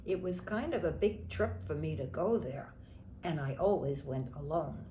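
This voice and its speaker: An older woman from Brooklyn reading her childhood memoir aloud in a gentle, reminiscing way. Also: deep voice, moderate pace. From Brooklyn, New York. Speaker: memoir narrator. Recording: roomy echo, faint background noise.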